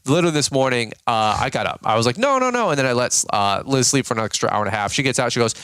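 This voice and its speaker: Podcast host, male, tired but animated, clean resonant voice, recorded dry in a home room. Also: medium pitch, racing, clean tone, no room sound. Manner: joking, animated storytelling with playful impressions. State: sleep-deprived. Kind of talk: casual podcast chat. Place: home nursery.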